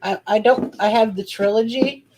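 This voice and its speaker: A woman chatting casually on a live stream, talking in an expressive, folksy and drawling way. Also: fairly high pitch, normal speed, noisy background. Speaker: co-host in a live stream chat. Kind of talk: casual chat.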